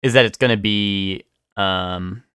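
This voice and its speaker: Bright-voiced young man chatting on stream. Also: lowish voice, slow pace, clear, resonant tone, no echo, clean studio sound. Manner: rambling, chatty, reads out chat and answers it. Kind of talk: casual live-stream chat.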